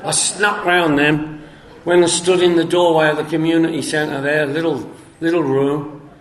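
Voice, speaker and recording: A man telling his story at a recovery meeting, acting out the dialogue with coarse humor and sudden shouts. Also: a little high, little pitch movement, normal speed. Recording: echoey hall with long reverb.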